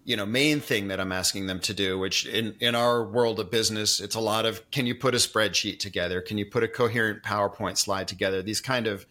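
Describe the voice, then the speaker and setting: A man's voice: lowish voice, fairly even intonation, fairly quick, hardly any pauses, bright, forceful tone. A man hosting an interview podcast, chatting casually and thinking aloud with frequent restarts. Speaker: podcast host interviewing a guest.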